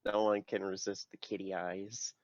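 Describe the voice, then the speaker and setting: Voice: sits low, flat delivery, normal speed, darkish tone, no echo, dull audio. A tabletop player describing what his character does, joking and exasperated at bad rolls. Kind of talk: casual tabletop play.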